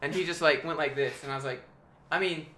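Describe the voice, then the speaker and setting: A man's voice: fairly high pitch, fast, noisy background. A young man chatting casually on a live stream, answering chat with rambling, jokey, profane talk.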